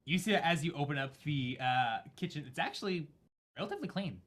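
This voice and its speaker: Bright-voiced man narrating as game master. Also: fairly high pitch, animated. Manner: halting, with many fillers and self-corrections.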